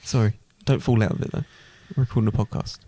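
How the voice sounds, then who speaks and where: A man's voice: lowish voice, fairly even intonation, quick pace, dark tone, slightly rough, dry recording. A son co-hosting a casual podcast with his father. He teases in a dry way and reads out messages from listeners. His voice is recorded close and dry, with no room sound. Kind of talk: casual chat.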